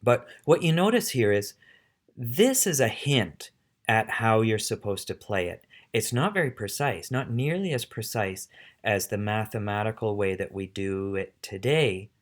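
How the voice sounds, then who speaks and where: A man's voice: on the low side, expressive, a little slow. A middle-aged man teaching music, patiently explaining step by step and counting rhythms aloud. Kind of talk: casual instructional demo.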